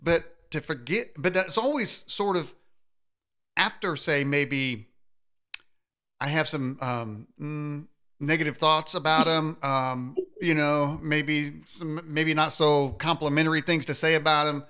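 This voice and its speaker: Bright-voiced preacher-like male host. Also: a little high, slow pace, smooth. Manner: rambling, preacher-like, many restarts. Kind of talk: conversational interview.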